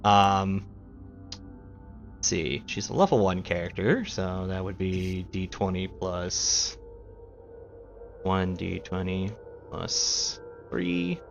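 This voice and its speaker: A man's voice: low-pitched, very animated, slow, vocal fry, pauses often. Man, game master, rambling with fillers, dull lo-fi audio, faint music. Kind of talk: narrating a tabletop game.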